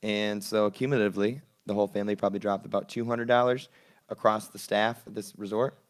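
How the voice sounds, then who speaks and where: A man's voice: on the low side, steady tone, quick pace. A young man co-hosting a podcast, telling rambling stories in a casual, laid-back way with crude jokes, in a studio. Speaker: podcast co-host. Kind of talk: casual chat.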